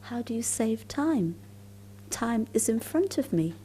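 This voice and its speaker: A woman quoting an older mother, proud and puzzled, her voice lifting higher and brighter than her usual mellow tone as she questions her sons. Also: big pitch swings, measured pace, slight background noise.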